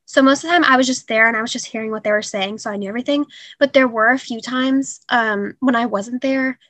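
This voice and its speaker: Earnest young woman, halting with fillers. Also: a little high, a bit bright, no echo. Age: young adult. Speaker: guest. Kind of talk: personal story in an interview.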